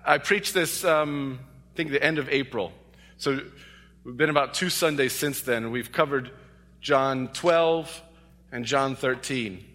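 A man's voice: mid-range voice, measured pace, fairly bright tone. A male pastor preaching a sermon, earnest and emphatic, repeating key phrases. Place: church sanctuary. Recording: long echo of a large hall.

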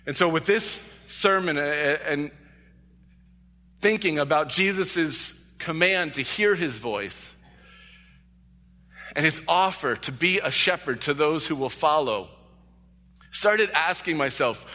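A man's voice: fairly high pitch, lively intonation, slow pace, pauses often, pushed and bright. A male pastor preaching a sermon, earnest and emphatic, repeating key phrases. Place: church sanctuary. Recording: long echo of a large hall.

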